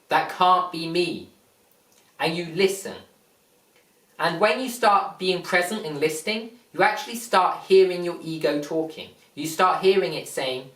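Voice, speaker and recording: A man giving a slow, repetitive spiritual talk, explaining and asking rhetorical questions. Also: on the high side, fairly bright tone. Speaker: spiritual teacher. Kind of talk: teaching monologue. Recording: roomy, distant mic.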